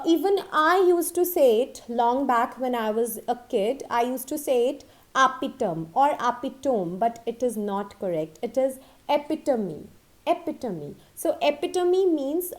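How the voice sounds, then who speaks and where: A woman's voice: high-pitched, lively intonation, moderate pace, few pauses, a little mellow. A woman teaching English pronunciation in a casual video lesson, with many fillers and frequent checks like "okay?".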